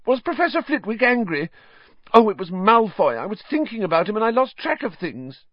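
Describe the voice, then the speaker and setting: A male narrator voicing a flustered, anxious studious teenage girl in a high, squeaky pleading voice. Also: sing-song, brisk, dry recording, dull audio. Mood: fretful.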